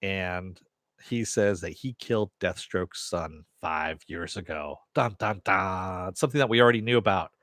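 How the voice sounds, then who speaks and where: A man's voice: sits low, moderate pace, fairly bright tone, no room sound, studio quality. A man hosting a casual TV recap and review, chatty with sarcastic asides and the odd swear. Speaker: TV review host.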